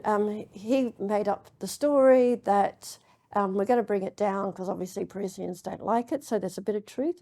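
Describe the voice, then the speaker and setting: A woman giving a public lecture, telling anecdotes in a chatty way with many pauses and ums. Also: medium pitch, gravelly, dark tone. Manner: chatty storytelling with frequent ums. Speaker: university lecturer. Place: lecture hall.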